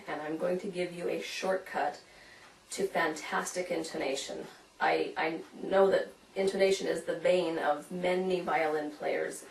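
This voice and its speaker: A woman's voice: lowish voice, slight background noise. A woman teaching violin, explaining step by step and demonstrating as she goes, recorded from a distance in an echoey room. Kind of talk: instructional demonstration.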